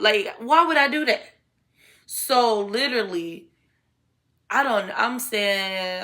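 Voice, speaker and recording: Young woman vlogger, bright tone, dramatic slangy storyteller addressing her viewers. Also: mid-range voice, vocal fry. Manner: chatty, slangy, dramatic, talks straight to viewers. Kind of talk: casual storytelling to camera.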